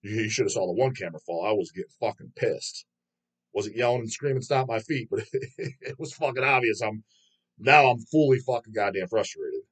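A man's voice: lowish voice, a little fast, fairly bright tone, breathy edge. A man hosting his own channel, reading viewer comments aloud and answering them in a rambling, profane way, laughing often. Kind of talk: casual chat.

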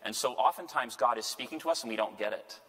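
A man, a priest, lecturing a parish class on scripture in an animated, conversational way. He keeps putting questions to his listeners, and his voice sits at an average pitch for a man. The sound trails off into a long hall reverb. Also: fast. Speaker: priest teaching a Bible class. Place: church hall.

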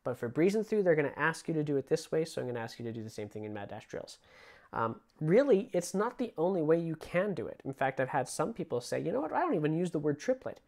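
A man teaching a casual online music theory lesson, relaxed and chatty, singing rhythms aloud as he explains them. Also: on the high side, fast.

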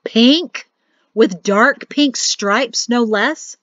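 A woman's voice: mid-range voice, expressive, a little slow, no echo, natural voice. A woman voicing an exasperated male army major who grumbles and sputters. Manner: grumbling, weary and flustered. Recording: dry, slightly muffled audio.

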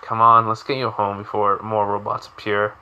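A man voicing a cool, aloof male hedgehog hero in a retold fan story, talking calmly and dismissively. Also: on the low side, moderate pace, clean tone, dull audio.

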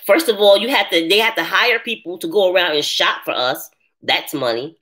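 A woman hosting a casual live chat, answering viewers' comments in an animated way and laughing often. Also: lowish voice, moderate pace. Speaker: live stream host.

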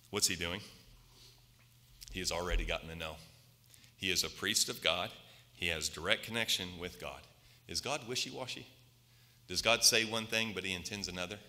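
A male preacher delivers a Sunday sermon in a very bright, sharp voice, telling the story and pressing the congregation with rhetorical questions. His speech carries through a church sanctuary with a long reverb. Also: lowish voice, animated, moderate pace.

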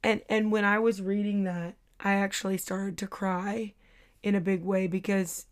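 A woman's voice: mid-range voice, little pitch movement, normal speed, smooth. A woman giving a devotional teaching talk in an earnest, hesitant way, with many filler sounds. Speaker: Christian teacher.

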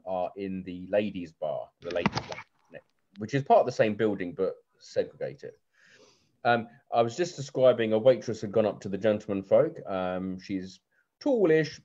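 Man, game master, fairly low voice, chatty with lots of ums, dull lo-fi call audio. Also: dark tone. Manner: chatty, many ums and restarts. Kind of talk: narrating a tabletop game. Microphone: video call.

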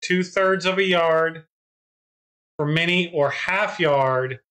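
A woman co-hosting a casual live shopping stream, giving details in a calm, matter-of-fact way. Her voice sits on the lower side. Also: slow. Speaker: co-host of the live sale.

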